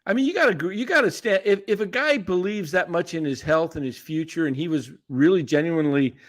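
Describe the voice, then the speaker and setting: A man's voice: on the high side, fast talker, dry recording, studio quality. A male co-host in casual sports talk, reminiscing and earnest.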